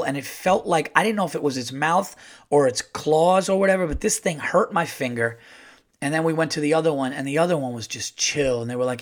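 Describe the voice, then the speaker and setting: A man hosting a podcast, telling stories in a casual, profane, animated monologue. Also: medium pitch, fairly quick. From Italian-American family. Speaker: podcast host.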